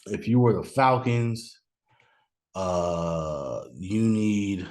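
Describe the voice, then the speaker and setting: Low-voiced man musing over a mock draft. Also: very slow, a little mellow. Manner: thinks aloud, chatty, sudden mock outrage. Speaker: podcast host doing a mock draft. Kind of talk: casual solo commentary. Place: room at home, noise outside.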